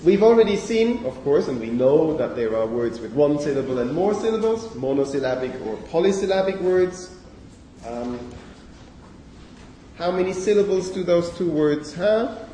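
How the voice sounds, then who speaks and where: A man's voice: a little high, dark tone, a little hiss or hum. A man giving a university phonetics lecture, explaining step by step and checking in with students with frequent "okay"s. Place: large lecture hall. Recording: echoey lecture hall from a distance.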